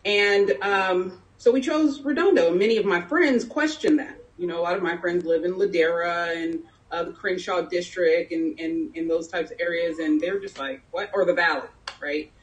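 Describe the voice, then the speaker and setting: A woman's voice: on the low side, moderate pace, few pauses, recorded from a distance. A middle-aged woman from San Jose candidly telling a personal story at a town hall, in a conversational way with plenty of fillers. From San Jose, California. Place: community town hall meeting.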